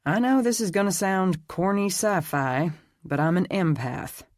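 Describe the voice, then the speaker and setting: Narrator voicing a wisecracking Texan captive; wry delivery, dry audiobook read. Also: male voice, high voice, animated, a little slow, no echo, pitched above the performer's own voice. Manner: joking, wry. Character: wisecracking lanky Texan man prisoner.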